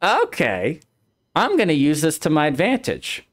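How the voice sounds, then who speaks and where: Brief: man putting on a smug, sing-song villain taunt, pitched well up. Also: wildly swooping pitch, a little slow, exaggerated voice. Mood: gloating. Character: mocking villainous swordsman, gloating and smug.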